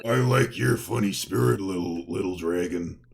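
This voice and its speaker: A man voicing a vain, menacing male minotaur with a hoarse, booming voice and theatrical threats. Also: normal speed.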